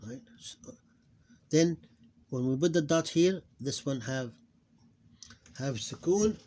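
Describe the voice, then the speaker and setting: A man teaching a phonics lesson, slowly repeating each syllable and stressing it loudly. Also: a little high. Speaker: Arabic teacher.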